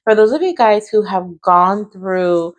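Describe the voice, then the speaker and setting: Gentle woman reading tarot cards. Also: mid-range voice, lively intonation, a little slow. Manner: gentle, reassuring, often adds "right?" and "okay?". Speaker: tarot card reader. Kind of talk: pick-a-card tarot reading to viewers.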